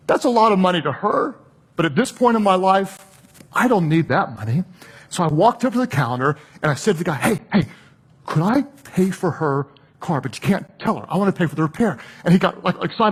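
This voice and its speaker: A high-voiced male preacher relates a personal story in a relaxed, conversational way. He acts out the voices of the people he quotes as he builds toward his point. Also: a little fast, husky. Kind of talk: sermon illustration.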